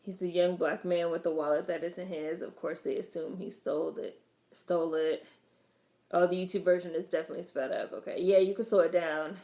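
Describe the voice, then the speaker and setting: A young woman reacting to a film talks fairly quickly in a low, mellow voice with a steady tone. She keeps up casual commentary, tossing off wry asides and answering the screen, in a room with plenty of echo.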